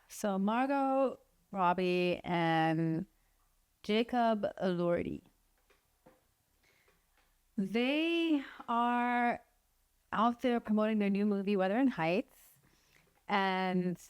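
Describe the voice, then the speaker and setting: A woman's voice: mid-range voice, smooth. A woman vlogger and filmmaker giving casual, chatty commentary and laughing often as she talks.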